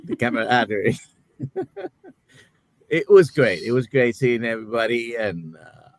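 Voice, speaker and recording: A man's voice: medium pitch, measured pace, dry recording. A man from Puerto Rico with a Spanish accent, a doctor chatting casually on a live stream, searching for words as he goes. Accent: Puerto Rican Spanish. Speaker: doctor and co-host.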